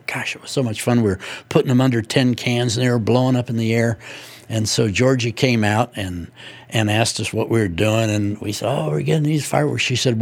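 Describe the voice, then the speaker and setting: A man's voice: on the low side, gravelly. An older man from Indianapolis, an author being interviewed, telling rambling folksy anecdotes with many fillers. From Indianapolis, USA. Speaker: author guest. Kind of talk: conversational storytelling.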